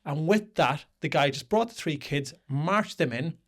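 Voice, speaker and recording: A man co-hosting a casual podcast, telling a lively anecdote. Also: on the high side, unhurried. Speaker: podcast co-host.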